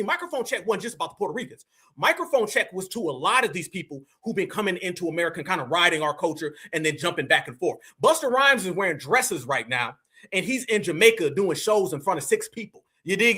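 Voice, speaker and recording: A man's voice: sits high, sharp tone, slightly rough. A man giving opinionated commentary to his viewers, emphatic and full of slang, often calling them fam and y'all. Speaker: online commentator.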